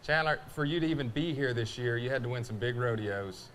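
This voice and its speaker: A man's voice: medium pitch, a little fast, a bit bright, slight background noise. A man hosting a casual live Q&A on an event stage, full of easy "right, sure" affirmations. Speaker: stage host interviewing rodeo athletes.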